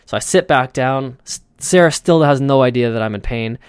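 A man's voice: medium pitch, moderate pace, clear, resonant tone, no room sound, studio quality. A man hosting a podcast, telling a personal story in a chatty, rambling way with lots of fillers and restarts. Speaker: podcast host. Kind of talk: casual storytelling monologue.

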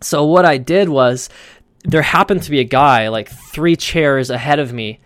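A man's voice: fairly high pitch, measured pace, a bit bright, dry recording, clean studio sound. A man hosting a podcast, telling a personal story in a chatty, rambling way with lots of fillers and restarts. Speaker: podcast host. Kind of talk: casual storytelling monologue.

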